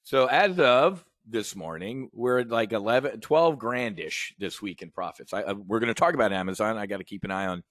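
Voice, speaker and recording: A man hosting a live options trading brief, talking in an energetic, rambling, conversational way with emphatic asides. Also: lowish voice, fairly quick, few pauses, no echo, clean studio sound. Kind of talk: livestream trade brief.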